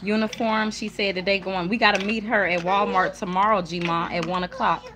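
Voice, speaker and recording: A young woman chatting casually and emphatically to viewers on a livestream, repeating herself and hushing her children now and then. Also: mid-range voice, fairly even intonation, moderate pace. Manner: chatty, emphatic, repetitive, warm toward viewers; hushes children mid-talk. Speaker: livestream host. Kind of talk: casual live chat to viewers. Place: home room with kids nearby.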